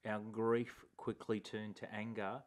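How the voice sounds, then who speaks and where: An Australian man hosting a comic year-in-review vlog, talking in a sardonic, profane, deadpan way. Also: on the low side, slow pace. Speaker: activist vlogger and host.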